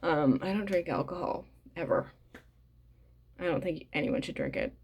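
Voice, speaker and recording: Woman, casual book commentary, swears, fillers, slightly low voice. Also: sing-song, moderate pace, a little mellow, slightly rough. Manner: casual, blunt, swears a lot, many fillers. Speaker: reader and commentator.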